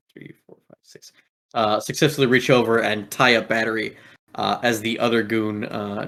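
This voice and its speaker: A man's voice: on the low side, a bit bright. A man narrating as game master in a casual way, full of fillers. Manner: casual, many fillers, swears.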